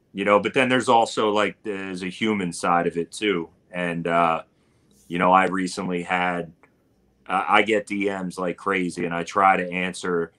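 A man's voice: low voice, bright, forceful tone. A man talking casually as a guest in an interview, rambling with plenty of fillers as he tells a story. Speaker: barbecue cook and guest. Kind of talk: casual live-stream interview.

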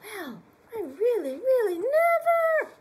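A woman voicing a large, growly male bear in a storybook, with a squeaky, exclaiming delivery. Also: very animated, slow, a little hiss or hum, full character voice. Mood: cross. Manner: dramatic, exclaiming.

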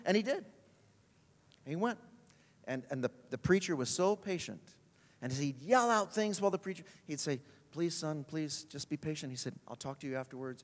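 Animated preaching man in a big hall. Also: a little high. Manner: animated, acts out voices in his stories. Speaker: pastor. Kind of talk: sermon storytelling. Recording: long hall reverb.

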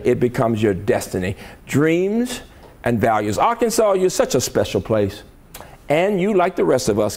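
A man's voice: medium pitch, a little mellow. An older man from the American South, a college president giving a motivational keynote speech in a conference hall, emphatic and rhetorical, often checking in with his audience.

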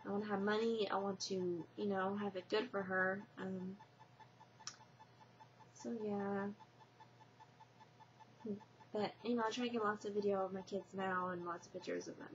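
A young woman talks to her camera in a loose, rambling vlog, filling every pause with fillers and restarting her sentences. Her voice carries a gravelly fry. The webcam audio is muffled and lo-fi, with a faint hiss underneath. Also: medium pitch, steady tone. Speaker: vlogger. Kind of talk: casual confessional vlog.

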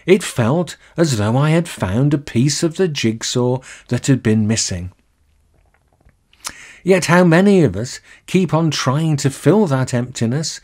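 A male minister giving a recorded sermon in a measured, deliberate way, slowing down to linger on key phrases. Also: a little high, darkish tone.

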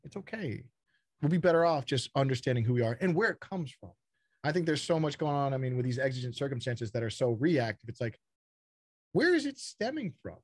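A man's voice: mid-range voice, quick pace, husky, no room sound, clean studio sound. A man from Texas, a startup founder speaking as a podcast guest, talking bluntly and casually, swearing and repeating words as he goes.

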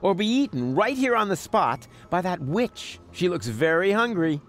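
A man's voice: high voice, big pitch swings, normal speed, faint music behind. An actor voicing a cocky, sarcastic young man in a video game, talking in a smug, scheming way. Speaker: game protagonist.

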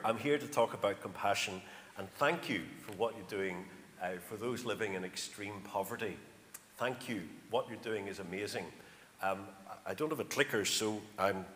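A man's voice: fairly low pitch, fairly bright tone. A middle-aged man with a County Armagh accent gives a chatty, anecdotal church talk as a charity speaker, stressing his numbers. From Northern Ireland. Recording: echoey church hall, faint noise.

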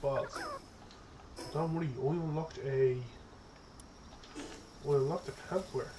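A young man giving casual let's-play commentary, excitable and profane, chattering to his in-game pet as he plays. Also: a little high, takes it slowly, noisy background. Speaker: gaming streamer.

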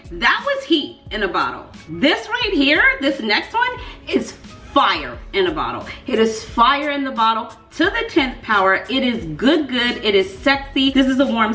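A woman talking casually to her viewers, animated and playful, leaning on emphatic repeats. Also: medium pitch. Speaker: fragrance reviewer. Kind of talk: casual vlog review. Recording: echoey room.

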